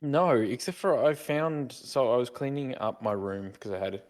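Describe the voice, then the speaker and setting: A middle-aged man with a mid-range voice co-hosts a podcast, speaking animatedly at normal speed. In this casual chat he rambles and jokes, stumbling and restarting often.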